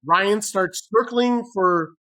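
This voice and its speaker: A woman co-hosting a podcast, telling a story with animated, sweary acted-out quotes. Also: medium pitch, takes it slowly. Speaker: podcast co-host. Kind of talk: casual chat, storytelling.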